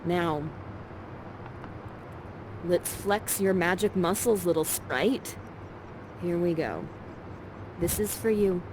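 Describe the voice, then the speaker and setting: Speaking slowly in a lowish voice and pausing often, a woman actor playfully and encouragingly guides a partner through an interactive virtual theater session. She's in a ground-floor rental with the door open in summer heat, and the background is noisy.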